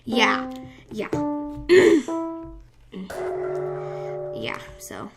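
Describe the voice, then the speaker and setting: A woman's voice: on the high side, huge pitch swings, extremely slow, creaky. A young woman hosting a gaming channel, chatting casually over her play in a rambling, self-deprecating way that often sinks into whispered asides. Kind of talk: casual game commentary. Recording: loud background music.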